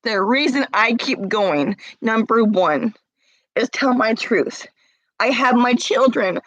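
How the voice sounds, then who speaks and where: A woman's voice: on the high side, slow pace, a bit bright, no echo, dull audio. A woman crying as she talks to camera, confronting someone with repeated pointed questions in an emotional rant. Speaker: vlogger.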